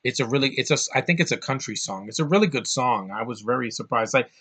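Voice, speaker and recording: Bright-voiced man ranting about a movie. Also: mid-range voice, lively intonation, fast talker. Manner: rambling, profane, fired-up. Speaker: movie reviewer. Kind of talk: casual movie review vlog.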